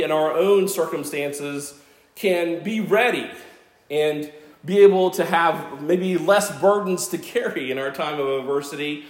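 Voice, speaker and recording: A man in his fifties preaching a sermon, earnest and conversational, with self-deprecating asides. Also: on the high side. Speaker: pastor. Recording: echoey church room.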